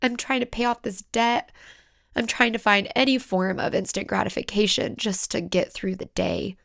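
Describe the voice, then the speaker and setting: A woman hosting a solo podcast, speaking in a raw, emotional, halting way and sometimes dropping into whispers. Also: mid-range voice, flat delivery, gravelly, a bit bright, no room sound, clean studio sound. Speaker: podcast host.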